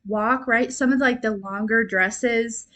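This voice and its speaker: A young woman hosts a casual live stream, talking to her viewers at an unhurried pace. Her voice is bright and slightly high. She rambles with fillers and giggles and turns tearful with gratitude. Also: steady tone. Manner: emotional, giggly, grateful, tearful at times; chatty, rambling with many fillers. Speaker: livestream host and intuitive reader. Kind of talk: casual livestream chat.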